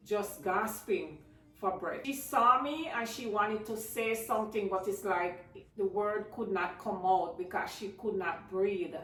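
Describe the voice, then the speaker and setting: A Jamaican woman calls her viewers "guys" as she tells them a personal story, casual and emotional. Her mid-range voice has a fairly bright tone. It's recorded from a distance in an echoey room with faint music.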